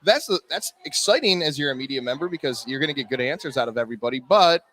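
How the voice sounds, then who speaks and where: A man co-hosting a casual sports talk show, telling stories with animated energy and frequent laughter. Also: medium pitch, quick pace. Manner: animated storyteller, laughs often. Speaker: co-host.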